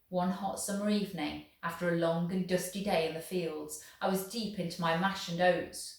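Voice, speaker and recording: A woman's voice: on the low side, recorded from a distance. Woman teacher reading aloud in an echoey room. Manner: steady, encouraging. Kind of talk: reading a novel aloud to a class.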